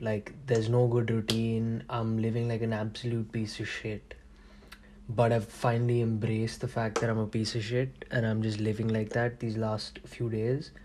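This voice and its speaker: A man's voice: lowish voice, darkish tone, slight background noise. A young man hosting a podcast, talking in a casual, rambling monologue full of swearing and emphatic opinions. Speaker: podcast host.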